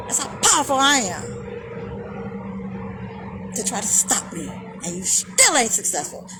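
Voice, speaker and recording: A woman delivering an angry, profane monologue, swinging between loud outbursts and hushed muttering. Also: high voice. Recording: noisy background hum.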